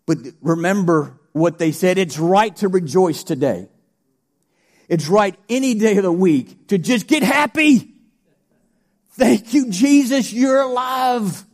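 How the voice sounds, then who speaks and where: A man preaching a sermon, animated, swinging between shouted praise and quiet asides. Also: on the high side.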